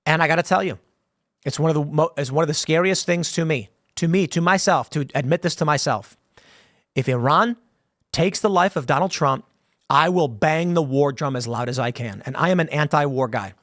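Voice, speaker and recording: Male commentator, fairly high voice, intense monologue delivery, dry close recording. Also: moderate pace, a bit bright, dry recording. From United States. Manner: emphatic, with frequent restarts and quoted asides. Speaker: political commentator. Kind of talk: opinion monologue.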